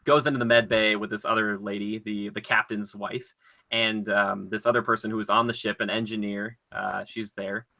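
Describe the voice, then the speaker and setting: A man co-hosting a casual podcast, retelling scenes in an animated, rambling way with lots of filler words. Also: lowish voice, normal speed, gravelly. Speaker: podcast co-host.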